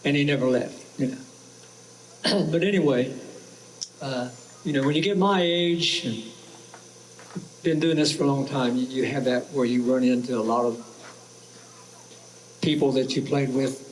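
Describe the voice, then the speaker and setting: A man's voice: medium pitch, measured pace, long pauses, slight background noise, low-quality recording. A man in his seventies from Ohio, a folk singer chatting plainly and folksily to the audience before a song, on a stage microphone. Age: 70s. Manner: folksy, plainspoken, self-deprecating. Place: outdoor picnic stage.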